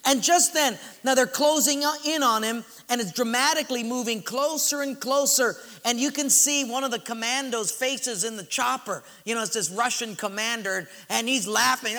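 A male pastor preaching a sermon, telling stories dramatically and swinging between loud bursts and hushed asides, with hall reverb. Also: very high-pitched, moderate pace.

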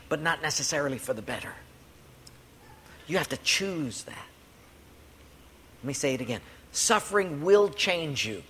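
A pastor preaches a sermon, earnestly telling a personal story and repeating key lines for emphasis. His voice is fairly high, bright, and forceful, captured with long hall reverb and faint room noise.

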